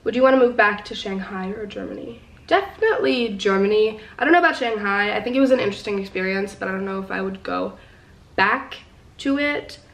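A woman's voice: medium pitch, lively intonation, brisk, gravelly, a bit bright. Chatty teenage girl in a roomy space. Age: teens. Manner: chatty and rambling, lots of fillers. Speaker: vlogger. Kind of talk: casual vlog chat to viewers. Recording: roomy sound, some distance from the mic.

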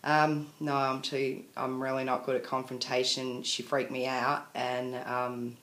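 A woman's voice: a bass voice, level tone, measured pace, fairly bright tone. A woman venting in a casual video diary, rambling and apologetic. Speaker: vlogger. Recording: echoey room.

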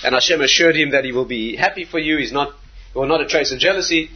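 A man, a rabbi, giving a Torah lecture in an animated way, repeating phrases and asking rhetorical questions. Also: fairly high pitch, fast, slightly rough, dull audio.

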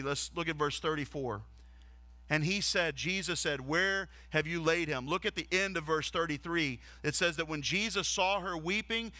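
Bright-voiced earnest man preaching. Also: a little high, dry recording. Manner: earnest preaching with repeated rhetorical questions. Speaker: lead pastor. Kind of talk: sermon. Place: church stage.

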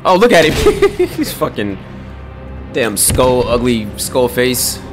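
Excitable, foul-mouthed young gamer man. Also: medium pitch, takes it slowly, music in the background. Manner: excitable, swearing trash talk. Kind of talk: live gameplay commentary.

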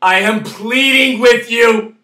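A man delivering an impassioned, pleading rant with a lot of swearing, often shouting. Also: very high voice, slow pace. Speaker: vlogger. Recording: echoey room, far from the mic.

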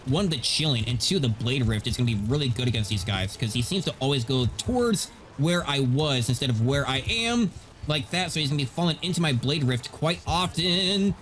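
A man giving gameplay commentary as a video host, animated and ranting. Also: mid-range voice, fairly quick, a little hiss or hum. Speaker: gaming YouTuber.

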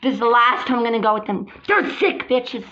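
A woman's voice: fairly high pitch, expressive, brisk, slight background noise. Frantic woman voicing several girls. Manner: exclaiming and frantic, swings between shouts and mutters. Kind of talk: hobby drama, voicing several girl characters. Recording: dull lo-fi recording with music behind.

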